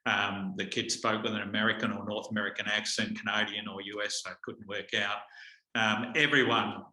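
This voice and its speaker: A man, a guest telling stories in a relaxed conversation, with lots of fillers and restarts. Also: lowish voice, a little fast. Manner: animated anecdotes with frequent fillers and restarts. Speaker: guest speaker. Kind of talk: conversational storytelling. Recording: echoey room.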